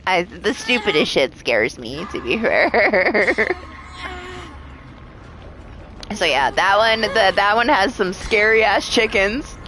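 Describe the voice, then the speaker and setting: A woman's voice: mid-range voice, animated, slow pace, pauses often, pushed and bright, slight background noise, low-quality recording. A young adult woman streaming live, telling rambling stories in casual chat, swearing often and laughing.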